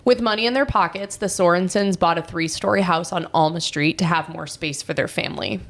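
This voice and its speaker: A woman in her thirties hosting a podcast, telling a true crime story in a chatty, wry way and laughing at the dark parts. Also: on the low side, fairly quick. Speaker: podcast host.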